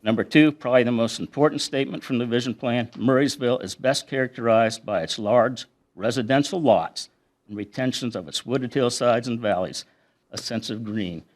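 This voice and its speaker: A man's voice: mid-range voice, moderate pace. A middle-aged man giving a prepared public comment at a council meeting, earnestly listing his points and reading quotes aloud into a podium mic.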